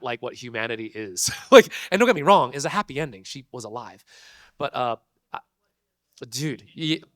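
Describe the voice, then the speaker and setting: Voice actor at a convention panel, young man, casual and animated, mid-range voice, dry mic. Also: medium pitch, no echo. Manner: casual and chatty, full of "like" and "dude", laughs between lines. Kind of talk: animated storytelling to a live audience.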